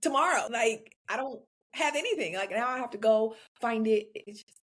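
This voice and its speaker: A young woman co-hosting a podcast, chatting casually in a blunt, profane, animated way. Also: on the high side, moderate pace. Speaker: podcast co-host. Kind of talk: casual chat.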